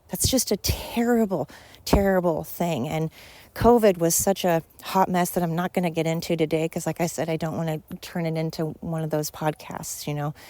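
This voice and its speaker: A woman with a fairly low voice talks straight to her podcast listeners in a heartfelt, rambling monologue that is full of fillers and repeated points. She sounds slightly winded, as if speaking while walking outdoors. The recording is dry and close. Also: darkish tone, no room sound. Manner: earnest, rambling, emphatic with many fillers. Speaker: podcast host. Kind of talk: casual monologue.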